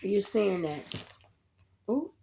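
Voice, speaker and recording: A woman giving a casual tarot reading straight to the viewer, animated and slangy, laughing often as she talks. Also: mid-range voice, drawn-out words, gravelly, slight background noise. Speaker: tarot reader.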